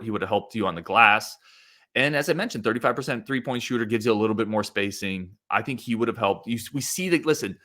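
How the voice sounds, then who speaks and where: A man's voice: on the low side, a bit bright. A man hosting a sports podcast on his own, talking casually and with strong opinions and reading out listener comments, often restarting his sentences. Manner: conversational, opinionated, many restarts and fillers. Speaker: podcast host.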